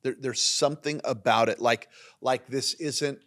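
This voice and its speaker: A man delivers a sermon-style leadership talk as a pastor and podcast host. His pitch sits at an everyday middle level, and he hammers points home by repeating single words. He moves between forceful lines and softer, quieter asides. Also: steady tone, measured pace. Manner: emphatic and repetitive, swinging between punchy lines and quiet asides.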